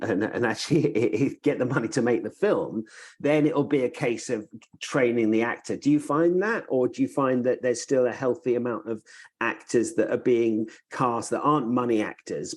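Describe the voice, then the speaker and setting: A man hosting a podcast interview, asking long, thoughtful questions. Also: lowish voice. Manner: thoughtful, asks long questions, laughs easily. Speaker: podcast host.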